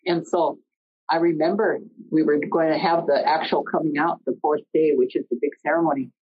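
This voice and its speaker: A middle-aged woman telling a personal story in an earnest, conversational way, often pausing mid-sentence. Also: deep voice, fairly even intonation, husky. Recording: dull lo-fi recording.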